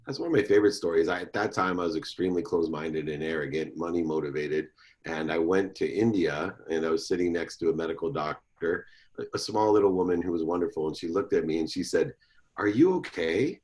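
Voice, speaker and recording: A middle-aged man as an interview guest, telling stories in a lively way and acting out the voices of people he quotes. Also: fast. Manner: animated, acts out quoted voices with big pitch jumps. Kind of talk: storytelling interview talk.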